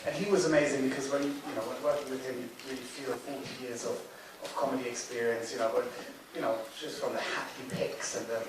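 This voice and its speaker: Rambling director in an echoey hall. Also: male voice, mid-range voice, steady tone, quick pace, few pauses. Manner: rambling, many ums, chuckling. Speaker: film director, festival guest. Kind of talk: audience Q&A answers. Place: cinema hall. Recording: echoey hall recording from far off, hiss.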